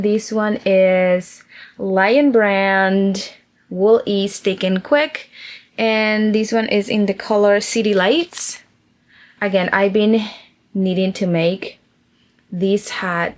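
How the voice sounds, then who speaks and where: A woman from Spain with a Spanish accent, chatting casually as a crochet vlogger and thinking aloud as she works. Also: mid-range voice. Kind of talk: casual chat while crafting.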